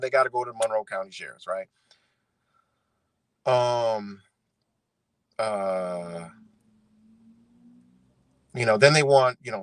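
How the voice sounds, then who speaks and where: A young man from ranting in commentary, profane and animated, often asking "right?". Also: mid-range voice, no room sound, rough recording. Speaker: commentary streamer.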